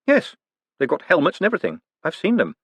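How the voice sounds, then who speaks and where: A man doing a smooth wry con man. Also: a little high, wildly swooping pitch, quick pace, dry recording, voice pushed up, full character voice. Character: smooth, quick-witted male con man.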